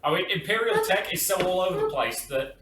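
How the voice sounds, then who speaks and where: A man's voice: high-pitched, expressive, a little fast, pushed and bright. A man running a tabletop game as game master, narrating with many ums and uhs. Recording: echoey room, far from mic, faint noise.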